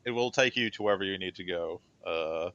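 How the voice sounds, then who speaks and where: A courteous, measured seneschal in a starship captain's service, as a man voices him in a tabletop game. He speaks in a deep voice that sounds dry and muffled. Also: sharp tone, clean tone, dry recording. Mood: polite. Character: courteous male seneschal, formal and apologetic.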